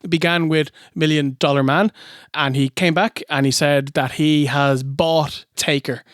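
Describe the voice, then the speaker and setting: A man co-hosting a comedic wrestling review, telling the story with animated, mocking energy. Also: fairly high pitch, measured pace, smooth, dry recording, studio quality. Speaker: podcast co-host.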